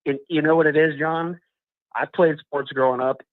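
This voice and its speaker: A fired-up man calling in to a live show over a tinny, dry phone line. He talks emphatically at a middle pitch, casual and animated. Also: normal speed, no room sound. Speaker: caller.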